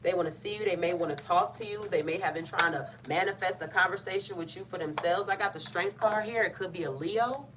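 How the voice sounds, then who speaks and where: A young woman reads tarot in a fairly low, fairly quick voice, barely pausing. She's playful and loosely colloquial, chatting away and cutting herself off often. Faint background noise comes through a slightly distant mic.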